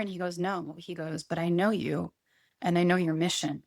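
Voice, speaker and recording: A woman's voice: fairly low pitch, steady tone, brisk. A middle-aged woman speaking earnestly as an interview guest, often repeating herself and quoting her own thoughts. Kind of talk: emotional interview conversation.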